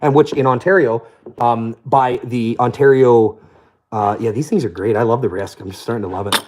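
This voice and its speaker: A male vlogger delivers a blunt, profane, scornful rant straight to camera. His mid-range voice is a little mellow, with a steady tone and moderate pace, on a rough recording with slight background noise.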